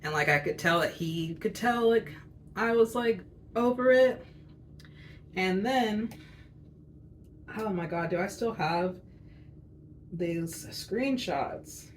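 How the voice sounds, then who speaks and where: A woman's voice: medium pitch, animated, takes it slowly, pauses often, a little hiss or hum. A woman in her twenties telling a personal story as a casual storytime chat, rambling and candid with lots of fillers. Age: 20s.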